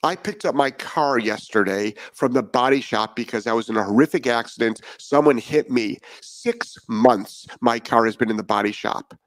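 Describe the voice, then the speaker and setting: A man's voice: medium pitch, moderate pace, few pauses, dry recording. A man talking as a dog trainer in a podcast monologue, blunt and profane and firing off rhetorical questions.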